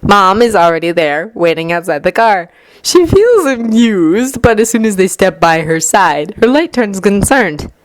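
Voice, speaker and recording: A woman narrating a fan fiction story aloud, with expressive delivery and clearly varied voices. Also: mid-range voice, a little slow, no room sound. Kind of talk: fan fiction audiobook reading.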